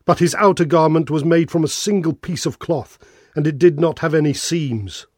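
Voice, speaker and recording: A man reads a Bible passage aloud in a clear, expressive narration. His voice sits a little high, and the recording is dry and close. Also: moderate pace, no echo.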